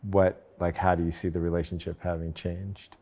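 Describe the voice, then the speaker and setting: A man's voice: low voice, little pitch movement, moderate pace, a little mellow. A man hosting a podcast, asking short casual questions and giving brief prompts. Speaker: podcast host.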